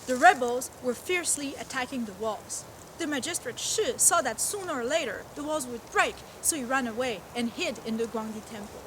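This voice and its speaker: Woman anchor, high voice, scripted, faint background hiss. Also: lively intonation, moderate pace. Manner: bright, scripted anchor delivery. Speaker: news show host. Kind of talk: mock news presenting.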